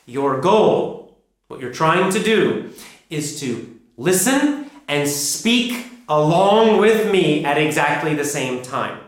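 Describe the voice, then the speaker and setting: A man giving an English pronunciation lesson, speaking emphatically and deliberately, repeating his key instructions. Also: on the high side, sing-song. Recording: very echoey room.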